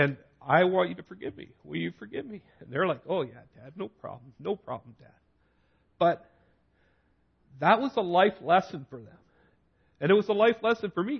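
Man, husky voice, fairly high pitch, chatty storytelling, dull lo-fi sound. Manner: conversational, storytelling with many asides. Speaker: father giving a talk on parenting. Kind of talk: informal faith talk to a group.

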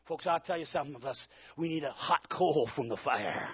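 A man with a high, gravelly voice delivers a Pentecostal sermon, building to shouts and tossing questions out to the congregation. His voice is husky, and the recording sounds dull and lo-fi. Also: moderate pace, few pauses. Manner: preaches with rising shouts and call-and-response. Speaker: pastor.

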